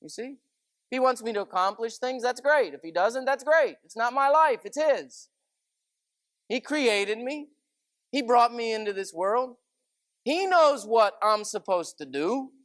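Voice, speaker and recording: A man's voice: very high voice, lively intonation, a little slow, a bit bright, no room sound. A man giving a chatty, conversational sermon full of stories and asides. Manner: folksy, chatty, many asides of "you know". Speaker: preacher.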